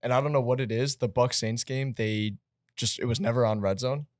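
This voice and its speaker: A young man hosting a casual sports podcast, upbeat and quick to laugh. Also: mid-range voice, steady tone, no echo, studio quality. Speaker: podcast host.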